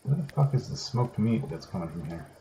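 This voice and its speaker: A man's voice: fairly low pitch, sing-song, brisk, mellow, a little hiss or hum. A man casually talking through a game he is playing, muttering and swearing to himself. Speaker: gamer. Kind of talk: casual gameplay commentary.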